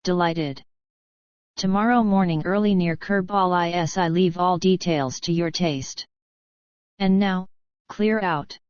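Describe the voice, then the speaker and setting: Woman narrator doing a cold scornful zoologist, low smooth voice, dry and dull. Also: takes it slowly, darkish tone, no echo. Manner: cool, cutting. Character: cool, contemptuous male zoologist.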